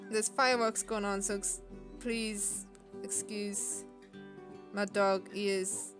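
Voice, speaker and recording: A young woman streaming a game from her bedroom, chatting in a relaxed way and thinking aloud. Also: medium pitch, slow pace. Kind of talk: casual gameplay chat. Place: bedroom at home. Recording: game music playing underneath.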